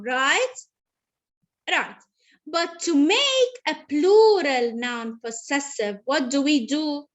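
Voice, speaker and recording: A woman with a teaching an online grammar lesson over a video call, slow and patient, repeating explanations. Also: high voice, fairly bright tone. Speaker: English teacher.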